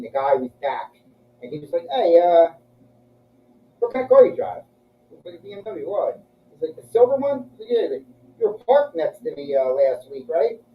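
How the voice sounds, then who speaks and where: This man's voice is a little high as he chats through crude, profane stories, voicing the other characters himself. There's slight background noise, and the room sounds echoey and muffled from afar.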